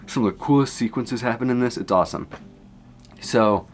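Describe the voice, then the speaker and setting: A young man casually recapping a movie from memory, rambling and excitable, jumping from low asides to high exclamations. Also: brisk, slight background noise. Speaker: content creator.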